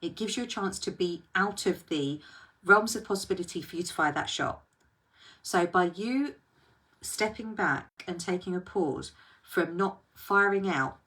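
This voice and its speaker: A woman with a lowish, husky voice talks to the camera as a coach. She thinks aloud in an earnest way and speaks directly to the viewer. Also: fairly bright tone. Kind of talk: reflective talk to camera.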